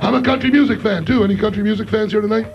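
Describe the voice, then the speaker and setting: A man emceeing a comedy show and doing his own stand-up on a club stage, with a loud, rowdy, hyped delivery. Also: high voice, racing, background noise. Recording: dull lo-fi live club recording.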